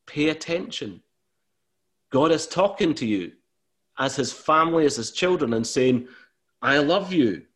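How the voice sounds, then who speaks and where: A man preaching a sermon in an earnest way, rising to emphatic, louder bursts when he gives voice to God. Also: on the high side, lively intonation, measured pace, long pauses. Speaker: pastor.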